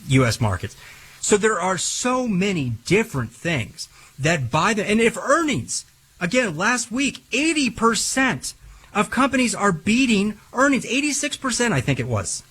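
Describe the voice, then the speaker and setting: A man's voice: high voice, a bit bright, slightly rough, poor audio. A man hosting a radio finance show as a financial advisor, emphatic and repetitive, rambling with fillers. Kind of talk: radio talk show pitch.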